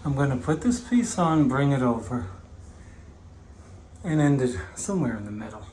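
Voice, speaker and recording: A middle-aged wallpaper hanger tells chatty anecdotes while he works, speaking slowly but animatedly. His voice is medium-pitched, with slight background noise in the recording.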